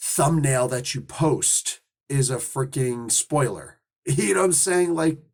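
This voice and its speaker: Slangy excitable guy reviewing comics, laughs a lot, husky tone. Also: mid-range voice, slow pace. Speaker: comic book reviewer and host.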